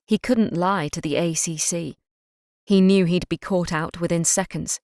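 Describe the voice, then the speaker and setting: Woman, audiobook narrator, scripted narration, measured, low pitch, dry close sound. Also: steady tone, a little mellow, no echo.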